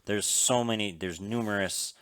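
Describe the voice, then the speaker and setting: A man's voice: lowish voice, moderate pace, a crowd in the background. A man co-hosting a casual podcast chat, explaining things at length with plenty of fillers. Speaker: podcast co-host.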